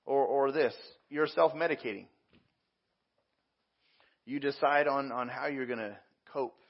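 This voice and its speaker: A man's voice: medium pitch, unhurried, dull audio. A man preaching a sermon as a pastor, talking conversationally with frequent repeats and fillers.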